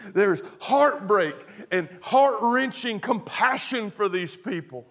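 A man preaching a sermon as pastor, earnest, moving between hushed tones and emphatic stress, with rhetorical questions. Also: high voice, lively intonation, takes it slowly, hardly any pauses.

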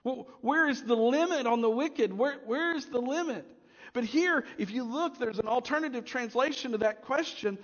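High-voiced man preaching in a reverberant hall. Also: moderate pace. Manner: emphatic preaching, rising and dropping to a hush. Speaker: pastor. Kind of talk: sermon. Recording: dull sound with long hall reverb.

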